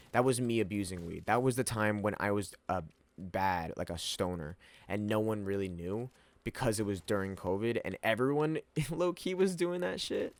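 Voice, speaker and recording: A young man telling a rambling personal story, full of slang, swearing and laughter. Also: fairly low pitch. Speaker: vlogger. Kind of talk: casual storytelling to camera.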